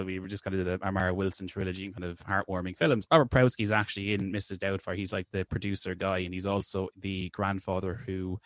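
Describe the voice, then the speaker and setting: A podcast co-host with a low voice rambles through casual chat, full of restarts and fillers. There's no room sound on the recording.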